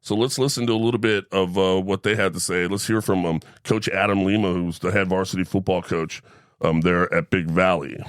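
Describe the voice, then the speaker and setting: A middle-aged man hosts a casual sports talk show. His voice sits on the low side and sounds close and dry, with no room around it. He tells stories with animated flair, often checking in with a quick "right?". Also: no echo. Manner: animated storyteller, tag questions like right?. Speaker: podcast host. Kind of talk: casual storytelling chat.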